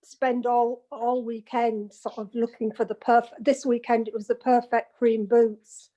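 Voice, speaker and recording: High voiced lady on a zoom call, giggly, telling a little story, chatty. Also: flat delivery, a little slow, mellow. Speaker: participant in an online meeting. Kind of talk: casual video call chat. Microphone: video call.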